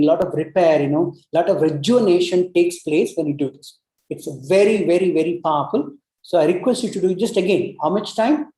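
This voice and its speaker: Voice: mid-range voice, dark tone. A breathwork instructor, leading a guided breathing lesson, coaxing the group with repeated cues and many "you know" fillers, and demonstrating long humming sounds. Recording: roomy echo.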